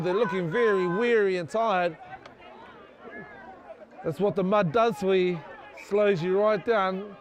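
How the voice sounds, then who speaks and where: A man calls a club rugby match from the sideline in a high voice. His commentary is casual, rambling and full of jokes, and he is often unsure of player names. A faint crowd sits behind him outdoors.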